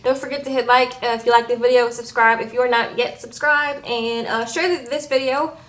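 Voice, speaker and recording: A young woman chats into her camera at home, retelling a reality episode scene by scene. She fills gaps with ums and likes, and her fairly high voice jumps up whenever she acts out what people said. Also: fairly even intonation, fairly quick, fairly bright tone, low-quality recording. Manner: chatty, acts out quotes in higher voices, frequent fillers. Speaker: reality TV recap vlogger. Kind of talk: casual chat recapping an episode.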